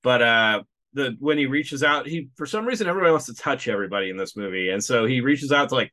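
A man in his mid range talks through a film scene by scene on a podcast. He rambles in a loose, animated way and fills his sentences with likes and ums. His voice sits at an ordinary pitch. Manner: rambling, animated, many fillers. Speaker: podcast co-host. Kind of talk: casual movie review chat.

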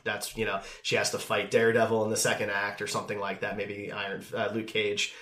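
A man chatting casually on a podcast, quick with jokes. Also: on the low side, completely flat delivery, pushed and bright. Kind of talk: casual chat. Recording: roomy echo.

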